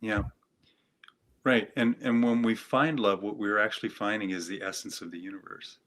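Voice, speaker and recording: A man, a guest psychotherapist, talking gently and reflectively in an interview, asking himself questions and using many fillers. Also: on the low side, steady tone, moderate pace.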